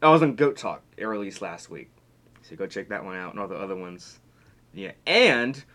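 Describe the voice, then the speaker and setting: A young man hosting a podcast in casual chat, rambling and laughing often, his voice trailing off quietly. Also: medium pitch, moderate pace, pauses often. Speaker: podcast host.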